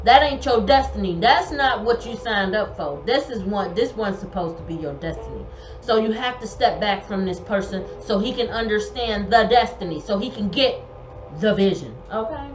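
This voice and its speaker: A woman's voice: mid-range voice, lively intonation, normal speed, a little hiss or hum. A woman giving an online tarot reading in an emphatic, colloquial way, repeating her advice. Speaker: tarot reader. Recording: echoey room, music behind.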